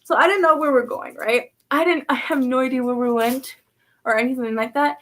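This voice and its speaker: A woman vlogger with a high, slightly bright voice talks briskly through a personal story, rambling along with plenty of fillers and restarts in a casual storytelling vlog.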